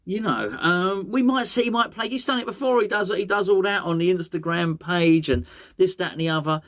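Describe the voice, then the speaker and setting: Hosting a football podcast alone, a man chats casually, rambling, repeating words and correcting himself as he goes. His voice sits high, with a fairly bright tone and a slightly fast pace.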